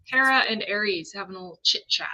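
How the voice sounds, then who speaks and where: A woman's voice: medium pitch, a little fast, pushed and bright, rough recording. A woman writer chatting playfully as a guest on a live stream, laughing easily. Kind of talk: casual live-stream chat.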